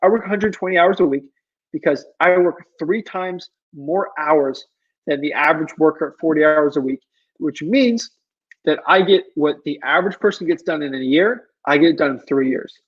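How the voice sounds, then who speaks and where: A man's voice: on the high side, normal speed, husky, lo-fi sound. A man loosely doing an impression of a boastful tech billionaire, matter-of-fact.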